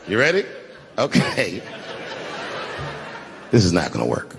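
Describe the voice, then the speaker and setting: A man's voice: deep voice, wildly swooping pitch, measured pace, vocal fry, a crowd in the background. A man in his fifties doing a stand-up comedy routine, telling stories in a laid-back way and often repeating words. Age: 50s. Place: large venue on stage. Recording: echoey hall with audience noise.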